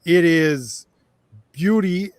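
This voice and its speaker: A man from Canada chatting casually as a co-host, easygoing and quick to laugh. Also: a little high, dry recording, studio quality. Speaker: podcast co-host. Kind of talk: casual chat over a video call.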